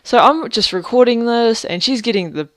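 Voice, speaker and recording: A woman's voice: a little high, moderate pace, a bit bright, dry recording, clean studio sound. A young woman, telling a story in a casual video diary. She rambles, swears freely and fills her talk with fillers. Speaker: vlogger.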